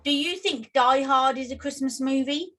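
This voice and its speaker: A woman's voice: high-pitched, normal speed, a bit bright. A British woman co-hosting a podcast, chatting casually and laughing often. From United Kingdom. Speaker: podcast co-host. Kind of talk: casual chat.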